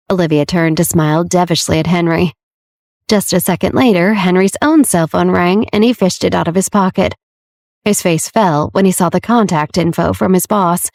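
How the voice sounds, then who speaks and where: A woman reading a romance audiobook in steady, scripted narration. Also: fairly low pitch, normal speed, no room sound, studio quality.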